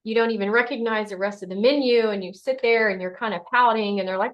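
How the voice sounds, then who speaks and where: A woman's voice: medium pitch, fairly even intonation, fast talker, hardly any pauses. A middle-aged woman, a functional medicine doctor, giving a conversational motivational health talk and acting out everyday scenarios. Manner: conversational, acts out scenarios in quoted voices.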